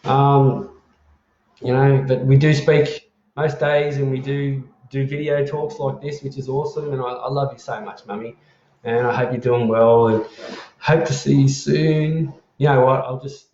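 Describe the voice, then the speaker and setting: An Australian man hosting a casual live chat, rambling and affectionate as he repeats himself through shout-outs to viewers. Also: mid-range voice, fairly even intonation, normal speed, a little hiss or hum. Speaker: host of an online community live chat. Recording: roomy and dull lo-fi sound.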